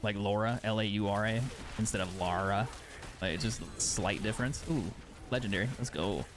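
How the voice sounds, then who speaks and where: A man's voice: on the low side, brisk, noisy background. A young man streaming a game live, chatting casually and sarcastically, swearing freely. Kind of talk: casual chat while gaming live.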